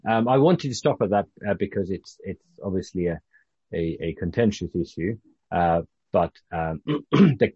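A British man with a low, slightly husky voice leads a relaxed Bible study, teaching informally in a loose, halting manner and often restarting sentences. The recording is dry and a bit muffled, with no room sound.

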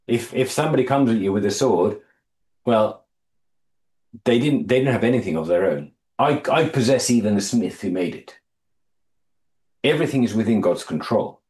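A man leading a Bible study, reading scripture aloud, explaining it with halting restarts and quizzing his listeners. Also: lowish voice, animated, a little mellow. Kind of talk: Bible study teaching to a small group. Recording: echoey room.

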